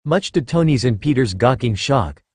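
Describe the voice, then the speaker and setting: A man narrating a fan fiction story in a steady reading voice. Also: medium pitch, moderate pace, breathy edge, no room sound, clean studio sound.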